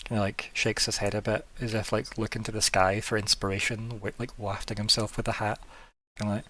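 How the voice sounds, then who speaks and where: A man narrating as game master in a casual, relaxed way, laughing often and filling his talk with "like". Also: fairly low pitch, brisk.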